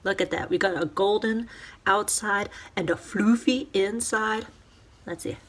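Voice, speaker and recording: A woman's voice: medium pitch, measured pace. Chatty woman cooking in a home kitchen. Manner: chatty and excitable, talks to viewers as she works. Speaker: home cook hosting a cooking show. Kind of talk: casual step-by-step cooking commentary. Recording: background noise and clicks.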